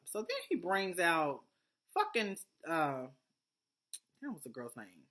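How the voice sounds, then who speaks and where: A woman with a notably low voice talks through a reality-show recap in a casual vlog. Her delivery is blunt and profane, and it rambles along with fillers and restarts. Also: wildly swooping pitch, slow, fairly bright tone. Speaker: TV recap vlogger.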